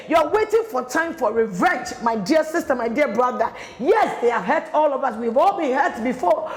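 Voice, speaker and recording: A woman pastor with a Ghanaian accent preaching a sermon on letting go of pain, earnestly pleading and repeating her points. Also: sits high. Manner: earnest, repetitive pleading exhortation. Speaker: pastor and marriage counsellor.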